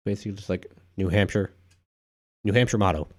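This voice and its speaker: Low gravelly man chatting offhand. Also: steady tone, fast talker, a little mellow. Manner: rambling, offhand, with frequent asides. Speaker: livestream host. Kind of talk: casual live-stream chat reading viewer comments.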